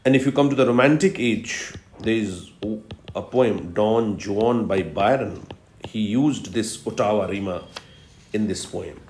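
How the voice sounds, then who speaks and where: A man's voice: fairly low pitch, darkish tone, a little hiss or hum. Patient male literature professor, roomy sound. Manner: explains patiently, repeats key terms slowly for emphasis. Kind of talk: recorded lecture. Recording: roomy echo.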